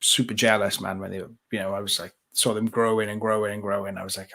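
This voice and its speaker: A Welsh man chatting casually in a soft, trailing way, heard from farther off the mic. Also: fairly low pitch, flat delivery, fast talker, gravelly. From Wales. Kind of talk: casual chat.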